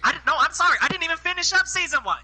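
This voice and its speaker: A man's voice: extremely high pitch, animated, racing, over a noisy crowd, rough recording. A man co-hosting a casual podcast, blunt and dismissive, with slangy swearing. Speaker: podcast co-host.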